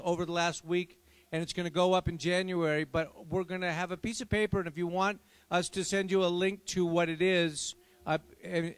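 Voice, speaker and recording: A man's voice: on the high side, no room sound. A man who writes children's books, giving playful, coaxing instructions to a young audience at a live library event. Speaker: children's author and performer.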